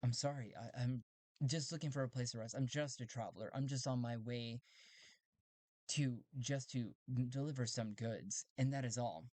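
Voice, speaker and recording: A man's voice: mid-range voice, normal speed, a little mellow, no echo, natural voice. A man voicing a courteous male human space traveler who speaks politely and a little hesitantly.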